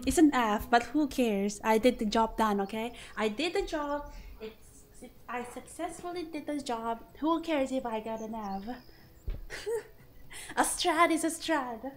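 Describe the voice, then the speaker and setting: A woman's voice: fairly high pitch, slow pace, soft background music. A young woman streamer chatting playfully as she plays, rambling and joking at herself. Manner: playful, rambling, self-mocking. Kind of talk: casual game-stream chat.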